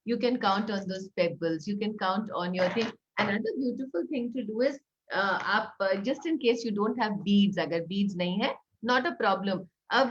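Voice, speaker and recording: A woman's voice: fairly high pitch, dull audio. Indian English woman teaching early phonics. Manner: warm, enthusiastic, slows down to model words and sentences. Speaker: early-years educator and author. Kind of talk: talk for parents.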